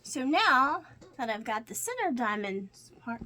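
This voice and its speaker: A woman's voice: fairly high pitch, unhurried. Chatty woman showing her quilting projects. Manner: relaxed, chatty, walks through each project step by step. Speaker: crafting vlogger. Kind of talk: casual show-and-tell narration.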